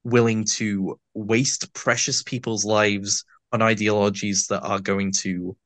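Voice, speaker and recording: A man's voice: lowish voice, flat delivery, slow, fairly bright tone, no echo. A man with a lisp, a guest on an interview, giving long and detailed explanations in a casual chat. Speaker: audio drama actor, guest.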